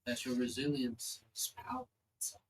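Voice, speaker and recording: A game master voicing an ancient female celestial being who speaks slowly and solemnly. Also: mid-range voice, sing-song, slightly rough, poor audio. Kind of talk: voicing a character in a tabletop game.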